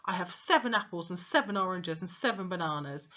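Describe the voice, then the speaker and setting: A woman voicing a brutal, bullying headmistress who shouts insults, on a dull lo-fi recording. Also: on the low side, animated, brisk. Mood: furious.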